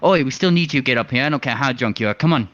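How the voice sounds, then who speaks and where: A man voicing a brash adult male flying pony hero who pleads loudly and flatters. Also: medium pitch, racing, no echo, natural voice. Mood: coaxing. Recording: dull lo-fi recording.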